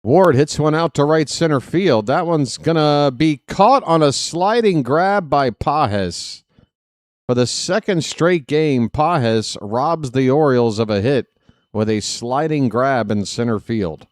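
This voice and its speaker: A man calling live baseball play-by-play for fans, excitable and jokey, talking straight to his listeners. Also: fairly high pitch, slow pace, dry recording, clean studio sound. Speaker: fan play-by-play commentator.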